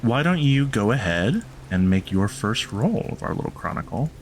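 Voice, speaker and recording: Low-voiced man narrating as game master. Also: very animated, a little hiss or hum. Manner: slow descriptive scene-setting, drops to a hush.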